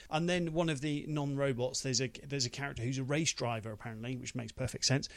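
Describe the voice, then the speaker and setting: Male critic, mid pitch, gravelly, exasperated sarcastic rant. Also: quick pace, few pauses, dry recording. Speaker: film critic. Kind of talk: ranting film review.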